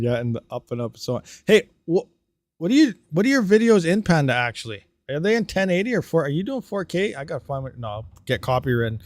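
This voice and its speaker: A man hosting a casual livestream, ranting about hardware and reading out viewer comments, animated and quick to get riled up. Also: fairly high pitch, dry recording. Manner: animated, ranting, talks fast then trails off quietly. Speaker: crypto mining livestream host.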